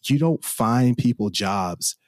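A man in his forties from the Southern US speaks earnestly on a podcast. He is impassioned and often repeats phrases for emphasis. His voice sits at a middle pitch and sounds dry and close to the mic. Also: lively intonation, takes it slowly, dry recording. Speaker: podcast host. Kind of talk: heartfelt podcast conversation.

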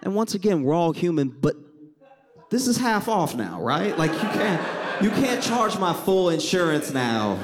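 A Louisiana man performs a comic story onstage for a live crowd, addressing them directly with animated, wry delivery. His voice sits high and his pace is a little slow.

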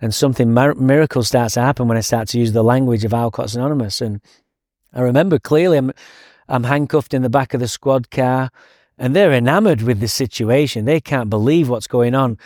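A man's voice: medium pitch, a little fast, a little mellow, dry recording, studio quality. A man with an English accent telling his story as a guest in an interview, blunt and candid, laughing at himself. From England.

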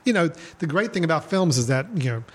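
A man's voice: a little high, lively intonation, fast talker. A man hosting a casual film podcast, talking in an upbeat, loose, chatty way. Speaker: podcast host.

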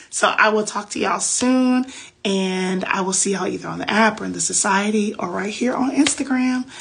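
Gravelly woman giving casual Bible teaching. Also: mid-range voice. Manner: chatty, preachy, loose slang. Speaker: faith podcast host.

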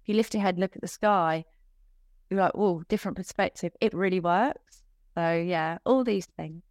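A woman speaking as a business coach in a casual podcast interview, chatty and quick to laugh, with self-deprecating asides. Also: fairly low pitch, dry recording, clean studio sound.

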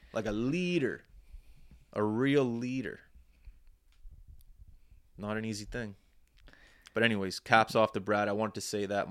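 A young man from Canada's East Coast, co-hosting a casual sports podcast and rambling with lots of restarts. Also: on the low side. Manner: rambling, animated, restarts mid-sentence. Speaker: podcast co-host.

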